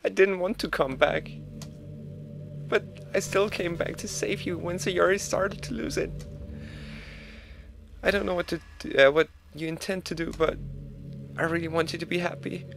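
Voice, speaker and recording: A man voicing a sad, pleading young woman from a video game, speaking softly and hurt. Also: high-pitched, fairly even intonation, moderate pace, vocal fry, long pauses, slight background noise, voice pushed up. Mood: sorrowful.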